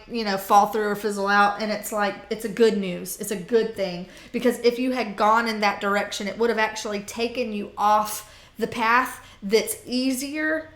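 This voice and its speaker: A woman's voice: medium pitch, fairly bright tone, echoey room. A woman doing a casual tarot reading for the zodiac signs, talking in a chatty, blunt way with fillers, swearing and laughter. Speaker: tarot reader.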